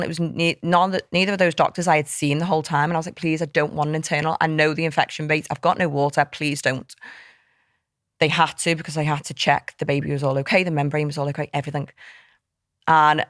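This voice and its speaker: A woman's voice: low voice, a bit bright, no echo, studio quality. A woman, a podcast guest recounting a hard personal story in a heartfelt, tumbling way full of quoted dialogue. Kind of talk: candid personal storytelling in an interview.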